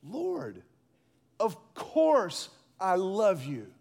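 A man's voice: high-pitched, very animated, moderate pace. A male preacher voicing Peter as an eager, impulsive man who answers bluntly and a little exasperated.

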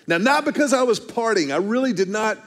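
A man's voice: high voice, animated, a little fast, fairly bright tone. A man, preaching a storytelling sermon with earnest, self-deprecating humor and frequent restarts. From Texas, USA. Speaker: pastor.

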